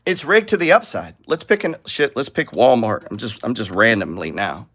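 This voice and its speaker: A man's voice: mid-range voice, very animated, normal speed, fairly bright tone. A man teaching a live trading lesson over charts, blunt and profane, firing off rhetorical questions.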